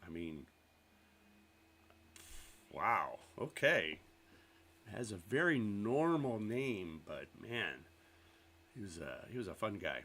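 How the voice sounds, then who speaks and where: A man's voice: fairly low pitch, very animated, takes it slowly, pauses often, sharp tone. A man hosting a live stream, chatting casually with viewers in a rambling, self-deprecating way. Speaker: livestream host.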